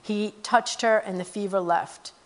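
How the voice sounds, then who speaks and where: A woman preaching a conversational sermon about her missionary work. She speaks earnestly, often adds "you know" and "okay?", and reads scripture quickly. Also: mid-range voice, fairly even intonation.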